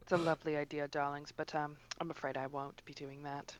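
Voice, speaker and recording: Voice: mid-range voice, level tone, a little fast, highs cut off, lightly acted. A player voicing a haughty, refined woman adventurer in a tabletop game, airy and condescending, calling everyone darling. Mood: aloof.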